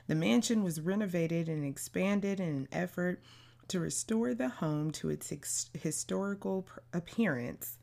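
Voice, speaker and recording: A woman hosts her own podcast, talking casually and bluntly on her own in slangy, outspoken speech. Her voice sits a little low and has a gravelly fry to it. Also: darkish tone. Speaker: podcast host. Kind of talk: casual solo podcast monologue.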